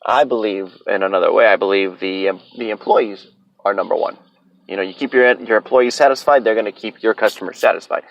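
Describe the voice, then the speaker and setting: A man's voice: on the low side, a little fast, vocal fry, dry recording, muffled recording. A man in his thirties hosting a solo podcast, ranting bluntly and profanely about his opinions. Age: 30s. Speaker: podcast host.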